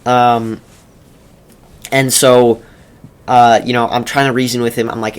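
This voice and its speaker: A young man talks casually while he plays a game, drifting between commentary and a story. His pitch sits in an ordinary middle range, and his delivery is loose and wry. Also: level tone, measured pace, pauses often, clean tone. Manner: rambling and wry, many ums and self-corrections. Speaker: video creator.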